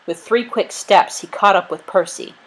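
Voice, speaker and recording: A woman reading a chapter book aloud as narrator, in a clear, lively way. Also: mid-range voice, normal speed, rough recording. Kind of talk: storybook read-aloud.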